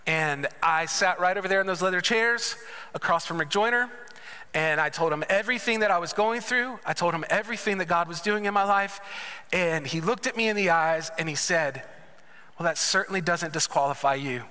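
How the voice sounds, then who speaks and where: A man's voice: high voice, brisk, sharp tone, clear, resonant tone. A man preaching a conference sermon that mixes personal testimony with conversational storytelling and humorous asides, in a large church sanctuary. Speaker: conference speaker. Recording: reverberant church hall.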